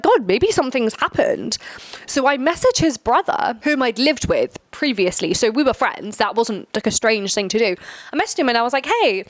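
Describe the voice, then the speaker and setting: A young woman hosting a casual storytime vlog, chatty and quick, full of filler words. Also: on the high side, no echo. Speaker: storytime host.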